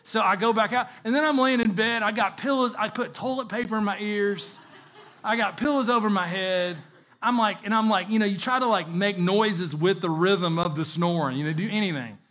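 A man preaching a sermon, telling a personal story in an animated way with chuckles, then slowing into earnest exhortation. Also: sits high. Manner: earnest, slowing on key words when exhorting.

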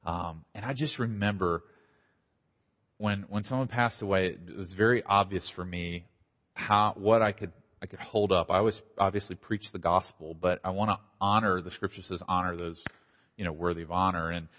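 A middle-aged man, a pastor, giving a conversational conference talk with quick asides and a slight Southern accent. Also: deep voice, a bit bright. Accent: slight Southern American. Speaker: pastor and church planter. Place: conference hall. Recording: dull audio in a large hall.

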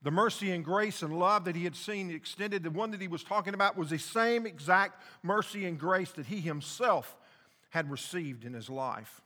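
A man's voice: fairly high pitch, sharp tone, in a large hall. A male pastor preaching a sermon, earnest and speaking directly to his congregation. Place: church service.

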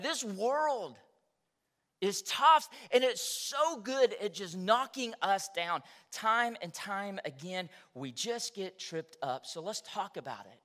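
A man's voice: high voice, a bit bright. A male pastor preaching a sermon in a casual storytelling way, talking to the congregation as y'all. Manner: conversational storytelling, addresses crowd as y'all.

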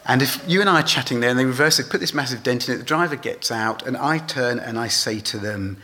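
A man's voice: medium pitch, fast, few pauses, bright, forceful tone. A man preaching a sermon, asking his listeners rhetorical questions.

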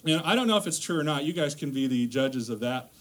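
A man's voice: medium pitch, animated, fast talker, fairly bright tone. Chatty self-deprecating church speaker, man. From northern United States. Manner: chatty and self-deprecating, with many fillers and restarts. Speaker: guest lay preacher. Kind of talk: casual sermon. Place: church sanctuary.

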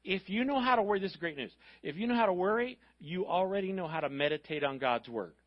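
A man preaching a sermon in a church, in a conversational style with quick asides and repeated phrases. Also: high voice, lively intonation. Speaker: pastor. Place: church sanctuary. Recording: dull lo-fi sound.

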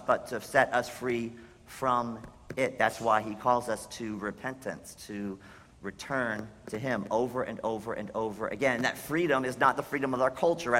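A man's voice: mid-range voice, a bit bright, in a large hall. A man preaching a sermon as pastor, in an earnest, conversational way, acting out the quoted dialogue.

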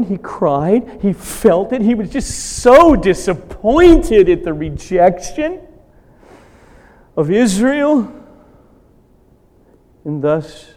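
A man preaching a sermon, asking rhetorical questions and swinging between loud emphatic bursts and hushed asides. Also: sits high. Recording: long hall reverb.

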